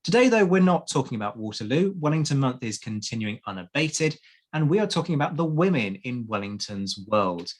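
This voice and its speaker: A man hosts a history podcast in a casual, chatty style, full of enthusiasm and frequent restarts. His medium-pitched voice swings widely in pitch, and he talks briskly.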